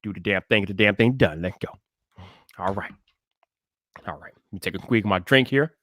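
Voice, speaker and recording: Hosting a tech podcast live, a man chats casually with viewers and greets them by name before hyping his intro with shouted energy. His voice is lowish and a little fast, with no room sound.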